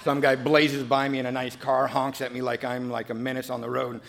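A man sharing his recovery story at a meeting, a lively storyteller who acts out the other people's voices and goes quiet and earnest when he reflects. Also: mid-range voice, brisk, gravelly, hardly any pauses.

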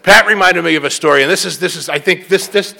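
A man's voice: sits high, fast, gravelly, sharp tone, in a large hall. A middle-aged man from the Boston area giving a rambling, self-mocking personal talk at a recovery meeting.

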